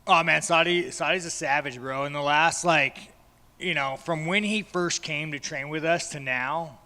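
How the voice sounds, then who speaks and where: Man, fighter, press scrum, blunt, profane, rambling, bright sharp voice, echoey hall. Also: fairly high pitch, normal speed. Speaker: fighter at media day. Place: large media day room.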